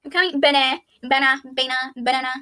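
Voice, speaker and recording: Excitable high-voiced woman gamer. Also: brisk, clean tone. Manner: excitable, chatty, repeats pleading "no, no, no" and "please"; thinks aloud, with frequent "let's see" and "I don't understand". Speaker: YouTuber playing an online game. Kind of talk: casual gameplay commentary.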